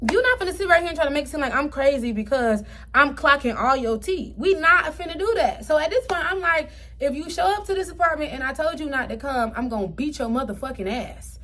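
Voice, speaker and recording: A young woman with a high voice tells a personal story to her viewers in a casual, unscripted way. She talks in a heated, profane manner, her pitch jumping up and sinking low as she relives the events. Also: fairly bright tone. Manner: heated and profane, swings up and down in pitch while retelling. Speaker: storytime vlogger.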